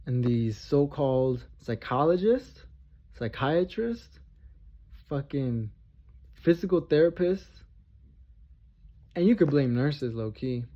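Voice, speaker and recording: A man delivering a heated, profane, confrontational monologue rant straight to his viewers, repeating himself for emphasis. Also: medium pitch. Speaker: vlogger. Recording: dull lo-fi recording.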